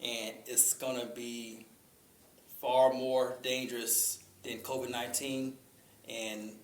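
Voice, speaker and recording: A man giving an informal talk to a group, conversational, pausing often with fillers. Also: mid-range voice. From Chicago. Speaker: speaker. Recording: echoey room with faint ambient noise.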